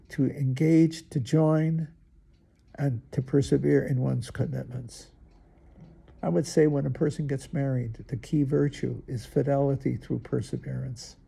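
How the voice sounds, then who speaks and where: A priest in his eighties gives a relaxed homily, breaking off from the reading for folksy, chatty asides. His voice is dark and mellow, with a heavy gravelly fry. The tone is very husky throughout. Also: medium pitch. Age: 80s. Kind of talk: informal homily with scripture reading.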